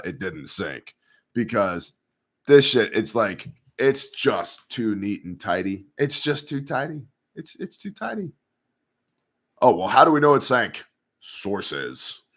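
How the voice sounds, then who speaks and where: A man with a low voice hosts a casual news commentary show. He is sarcastic and profane and leans toward conspiracy. He reads listener emails in a loose, offhand way. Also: a bit bright.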